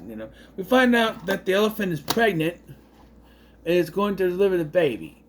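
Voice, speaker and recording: A man giving a casual, rambling film review, full of puzzled asides and quick mocking impressions. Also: fairly high pitch, a little hiss or hum.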